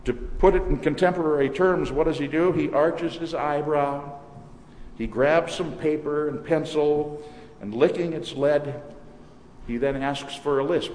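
A man's voice: on the high side, unhurried, darkish tone. Male pastor preaching, storytelling style, big reverby church hall, bit of background hiss. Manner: dramatic storytelling with varied emphasis. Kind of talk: sermon. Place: church sanctuary. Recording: echoey church hall, faint noise.

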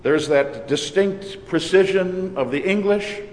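A man with a Minnesotan accent, a pastor preaching a sermon in a measured, deliberate cadence. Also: high voice. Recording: echoey church hall with long reverb.

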